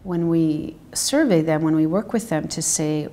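A woman financial psychologist answering interview questions in a measured, explanatory way, with occasional fillers. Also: deep voice, warm tone.

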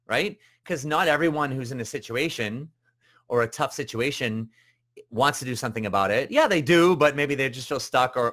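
A male coach hosts a live show and talks in a loose, rambling way, restarting his sentences and filling the gaps with "you know." His voice sits at a middling pitch. When he quotes other people, he jumps up higher and louder. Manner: chatty and rambling, with many fillers and restarts. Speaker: business coach and show host. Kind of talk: casual live-show monologue.

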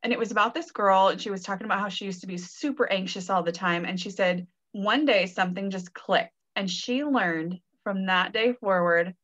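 A woman's voice: mid-range voice, moderate pace, hardly any pauses, a bit bright, muffled recording. A woman co-hosting a podcast in casual chat, playful and teasing, laughing often. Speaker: podcast co-host.

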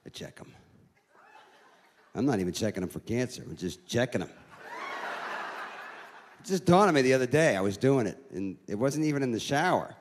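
A man's voice: mid-range voice, slight background noise. A man hosting a comedy show, joking loosely and crudely between acts. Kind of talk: stand-up emcee patter. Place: comedy club stage with live audience. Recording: live club recording with reverb and crowd.

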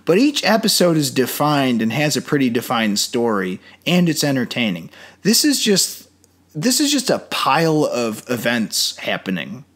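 A man's voice: mid-range voice, moderate pace. A man co-hosting a casual movie review podcast, joking and slipping into silly voices. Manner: animated, jokey, does funny voices. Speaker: podcast co-host.

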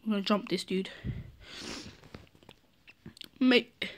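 A woman giving live gameplay commentary as a video host, excitable, cheering on and scolding her teammates. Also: mid-range voice, slow.

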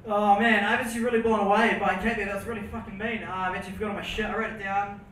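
Nervous rambling young New Zealand comedian. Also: male voice, high-pitched, flat delivery, very fast. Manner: nervous, rambling, laughs at own jokes. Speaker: stand-up comedian. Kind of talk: stand-up set. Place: comedy venue with audience. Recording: roomy, distant mic with background noise.

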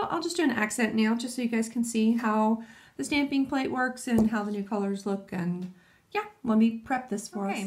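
A woman chatting casually and enthusiastically, thinking aloud as she demonstrates nail stamping. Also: a little high. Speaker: nail art vlogger. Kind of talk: casual tutorial chat.

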